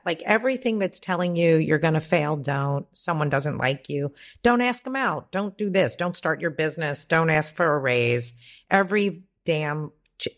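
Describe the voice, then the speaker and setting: A life coach with a deep voice speaks animatedly at normal speed in a podcast conversation. She talks emphatically and profanely, acting out the voices in people's heads.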